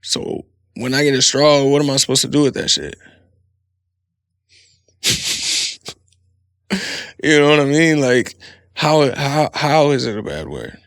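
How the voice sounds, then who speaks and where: Gravelly dude riffing on his podcast, swears a lot, laughs easy, dry close mic. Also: mid-range voice, big pitch swings, unhurried, pauses often, fairly bright tone, no room sound. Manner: profane, laughing, rambling storyteller. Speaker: podcast host. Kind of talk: casual solo podcast monologue.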